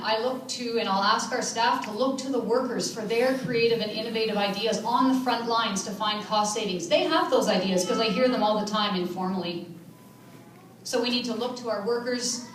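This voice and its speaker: A woman mayor giving an earnest, measured inaugural speech in a large hall. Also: fairly high pitch, far from the mic, slight background noise. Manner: earnest, measured public speaking. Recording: echoey hall picked up from afar.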